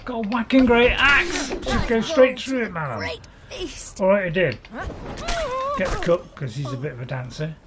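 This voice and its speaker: A man's voice: high voice, animated, moderate pace, a crowd in the background. A man giving casual, rambling commentary while playing a game, chuckling to himself now and then. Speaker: gaming video host.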